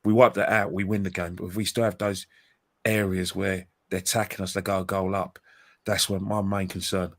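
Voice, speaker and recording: A man's voice: low-pitched, level tone, brisk, fairly bright tone. A man guesting on a football fan panel, talking plainly and repeating points for stress. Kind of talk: casual fan panel chat.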